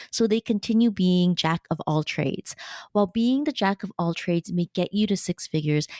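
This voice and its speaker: A woman from Canada hosting a business podcast, giving a steady, direct scripted talk into a close microphone. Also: fairly low pitch, no echo. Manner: steady, direct, instructive delivery. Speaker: podcast host and business coach.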